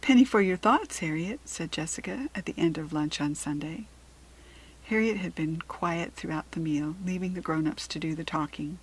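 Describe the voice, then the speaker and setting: A woman with an American accent reading a children's chapter book aloud at a clear, steady pace. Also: low-pitched, normal speed, rough recording. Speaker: storybook reader.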